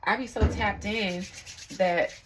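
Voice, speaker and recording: A young woman speaking as a psychic reader in a casual, candid vlog monologue, reflective and quick to swear. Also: medium pitch, steady tone, noisy background.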